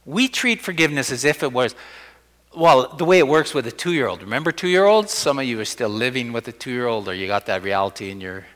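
A man's voice: mid-range voice, animated, a little fast, a bit bright. Man preaching in a reverberant church. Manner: conversational, acts out little scenes in quoted voices. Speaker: pastor. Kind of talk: sermon. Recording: long church hall reverb.

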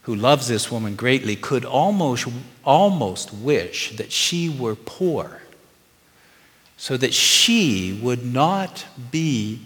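A man's voice: medium pitch, fairly bright tone, big-room sound. A middle-aged man preaching a sermon, earnest and conversational, asking the congregation questions as he goes. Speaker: pastor.

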